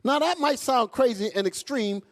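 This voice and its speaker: A man preaching a fiery, profane sermon to his congregation, calling out to them as he goes. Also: moderate pace. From United States. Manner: loud, animated, swings high and low, profane, asks crowd "y'all all right?".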